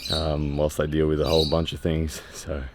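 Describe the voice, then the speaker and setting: Deep-voiced man, candid vlog talk. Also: monotone, creaky, noisy background. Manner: candid and reflective, with many pauses and fillers. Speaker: strength training vlogger. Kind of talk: casual post-workout vlog talk. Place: training area after a workout.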